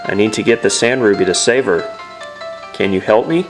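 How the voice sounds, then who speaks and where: A man voicing a firm young knight in a video game, reading his lines at a brisk clip. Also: lowish voice, music in the background, close to an everyday voice.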